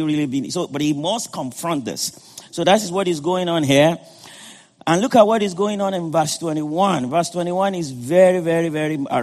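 Male pastor, sermon, conversational retelling, slightly high voice, long hall reverb. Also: darkish tone. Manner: retells scripture in a conversational way, with frequent "you know".

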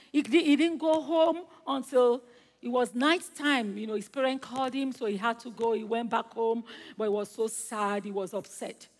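High-voiced woman preaching in an echoing church. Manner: fervent, rising into praise, then gentle storytelling. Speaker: guest preacher. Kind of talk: sermon with prayer and storytelling. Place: large church.

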